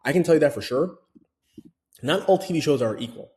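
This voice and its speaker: Mellow-voiced man rambling casually. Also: on the high side, lively intonation, a little fast. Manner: chatty, full of fillers and restarts. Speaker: language-learning vlogger. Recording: roomy echo.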